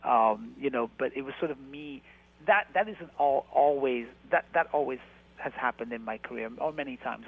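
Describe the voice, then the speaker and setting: A man, an actor, reflecting in an interview, halting with many fillers and restarts. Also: medium pitch, creaky, slight background noise. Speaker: actor and guest. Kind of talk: interview conversation. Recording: tinny phone-like line.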